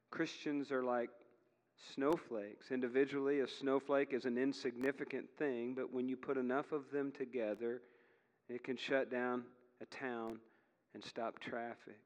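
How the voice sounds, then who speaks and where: A male pastor preaching a sermon, telling stories with growing animation and near shouts at the peaks. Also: medium pitch, big-room sound.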